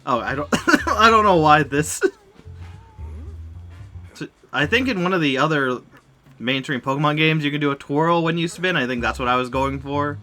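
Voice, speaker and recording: Young male streamer, jokey and rambling, bright tense voice, soft game music behind. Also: on the high side, moderate pace. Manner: jokey, rambling, laughing at himself. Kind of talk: gameplay commentary, reading dialogue aloud.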